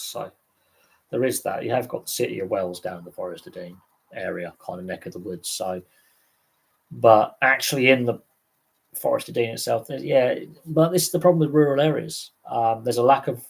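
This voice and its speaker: A man's voice: mid-range voice, vocal fry, a little mellow, slightly rough. A man hosting a casual livestream, rambling with fillers, his voice starting to go after hours of talking. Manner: rambling, many fillers and restarts. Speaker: livestream host.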